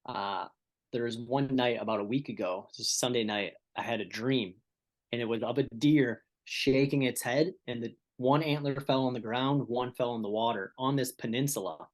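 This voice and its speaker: A man's voice: medium pitch, normal speed. A man appearing as a podcast guest, telling stories in a laid-back, casual way. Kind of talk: casual chat.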